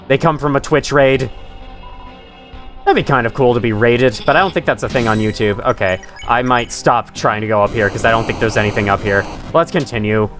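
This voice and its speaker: Guy live streaming a game from his bedroom, reads chat out loud, curses when he's losing, some music behind. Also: mid-range voice. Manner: chatty, reads chat aloud, swears when frustrated. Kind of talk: live gameplay commentary. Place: his room at home.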